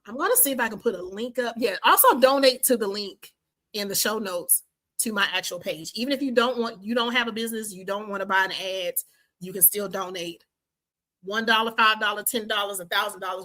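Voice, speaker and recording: A woman's voice: medium pitch, sharp tone, poor audio. A woman in her fifties hosting a faith-based podcast, talking enthusiastically and praying like a preacher. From Washington, D.C. and the Carolinas. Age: 50s. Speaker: podcast host. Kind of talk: podcast outro with prayer.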